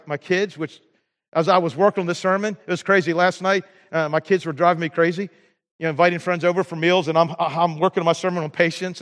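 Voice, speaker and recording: A man's voice: sits high, fairly bright tone, in a large hall. A pastor delivering an emphatic sermon in a church, repeating words and restarting his sentences. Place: church sanctuary.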